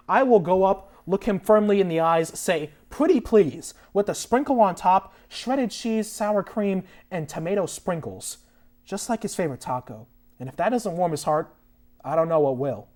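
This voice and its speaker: A man's voice: sits high, expressive, moderate pace, darkish tone. A young man as a guest on a mock talk show, ranting theatrically and indignantly for comic effect. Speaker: guest enthusiast.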